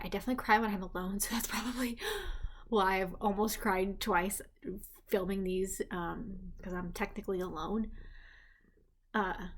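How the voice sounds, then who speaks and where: A young woman gives a rambling, self-deprecating vlog update, drifting between tangents. She talks softly at times, dropping into hushed, breathy asides, and her voice sits in an ordinary middle pitch for a woman. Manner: quiet and hushed at times, while her partner sleeps. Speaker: vlogger. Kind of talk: casual pregnancy update vlog.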